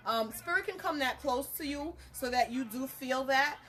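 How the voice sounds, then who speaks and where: Animated high-voiced woman telling stories. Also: moderate pace, few pauses. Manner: animated storytelling, laughing, blunt slang. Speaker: spiritual reader. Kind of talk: casual live talk to viewers.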